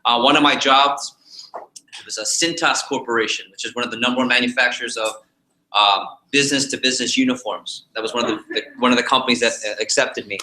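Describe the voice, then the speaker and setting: A man teaching a live sales training session, animated and jokey, repeating his key points to the group. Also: medium pitch, fast talker, reverberant, rough recording. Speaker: sales trainer leading a workshop.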